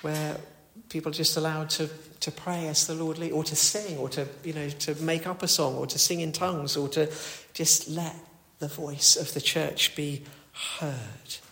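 A man preaching a sermon in a relaxed, conversational way, with fillers and restarts. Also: fairly high pitch, moderate pace, gravelly, few pauses. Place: church. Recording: echoey church hall.

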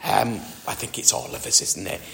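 At a moderate pace and in a pushed, bright voice, this middle-aged northern Englishman delivers a sermon with his regional accent. He keeps it chatty and self-deprecating and frequently asks the congregation questions, while the hall's long reverb echoes around him.

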